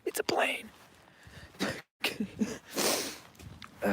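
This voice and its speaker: Brief: woman streamer, hushed giggly whisper, gravelly fry, outdoors at night on a phone. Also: on the low side, expressive, moderate pace, pauses often. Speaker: live-streamer. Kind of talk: late-night walk live stream.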